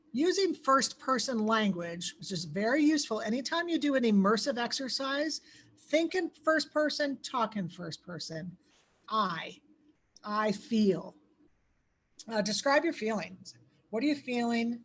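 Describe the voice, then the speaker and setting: A woman giving a conversational crisis-training lecture, pausing often on ums and putting questions to her audience. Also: mid-range voice. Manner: asks the audience questions, many filler ums.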